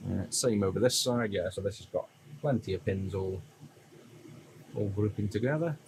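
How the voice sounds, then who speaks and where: A retro console repair streamer from Stoke-on-Trent, England, talks at normal speed in a fairly low voice with a Potteries accent. He solders while chatting easily with viewers, relaxed and rambling as he answers chat. The background is noisy.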